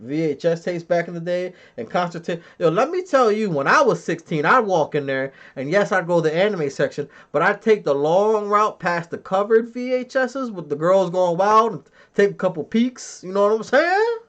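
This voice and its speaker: Expressive and high-pitched with a slightly bright tone, this man in his thirties speaks at a moderate pace while hosting a podcast. He's a profane, joking storyteller who laughs often as he reads chat comments, recorded with dull lo-fi sound.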